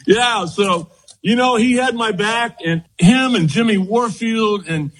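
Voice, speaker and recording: An older man with a husky, slightly breathy voice that sits a little high for a man. He tells his stories with lots of energy, laughs often and keeps saying "as you know" to his host. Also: a little slow, fairly bright tone, poor audio. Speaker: former baseball pitcher, guest. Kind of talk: reminiscing storytelling.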